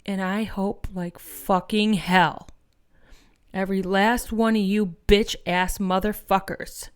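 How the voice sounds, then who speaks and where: A woman's voice: mid-range voice, fairly even intonation, slow pace, fairly bright tone. A woman hosting an activist podcast, delivering an angry, profane political monologue and rallying her listeners as friends.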